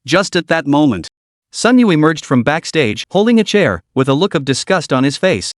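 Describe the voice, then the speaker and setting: A man's voice: fairly high pitch, big pitch swings, moderate pace, dry recording, studio quality. A man narrating a comic story recap in a scripted storytelling style, voicing every character himself.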